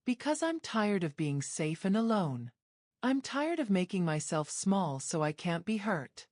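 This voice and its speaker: A woman's voice: medium pitch, sing-song, unhurried, a little mellow, no room sound, clean studio sound. A woman narrator voicing a determined young woman who speaks earnestly and resolutely. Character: determined young woman choosing love over fear.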